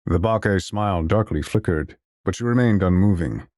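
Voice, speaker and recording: A man narrating a science fiction audio drama in the first person, in a steady, measured storytelling manner. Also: deep voice, dry recording, clean studio sound.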